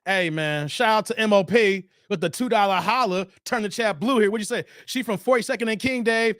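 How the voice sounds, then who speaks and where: A man's voice: high-pitched, fairly quick, a bit bright, dry recording, studio quality. A man hosting his own live show, reading viewer comments aloud and taking their jokes with playful protest. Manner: joking, reacts to viewer comments. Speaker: host. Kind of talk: livestream chat reading.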